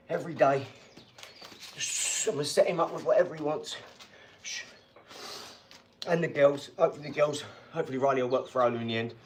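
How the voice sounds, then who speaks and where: A man's voice: mid-range voice, darkish tone. Man, casual vlog chat, upbeat rambling, faint background hiss. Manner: upbeat, rambling, hypes viewers. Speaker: vlogger. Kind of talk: casual vlog talk while training.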